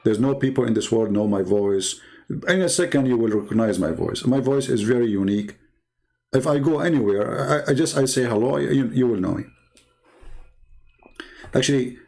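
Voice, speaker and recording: A man's voice: on the low side, vocal fry, a little mellow. A man, a Christian debater, talking in an earnest, emphatic, casual monologue and often repeating himself.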